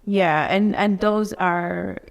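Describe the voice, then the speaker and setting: A woman's voice: fairly low pitch, takes it slowly, gravelly. A woman interviewing a guest, affirming and summing up the guest's point. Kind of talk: casual interview.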